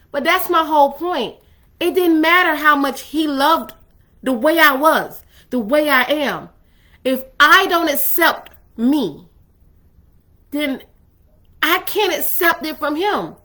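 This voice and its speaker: A woman's voice: sits high, pushed and bright. A woman hosting a faith-based talk on love and relationships, speaking in a conversational, emphatic, preacherly way. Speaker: ministry host.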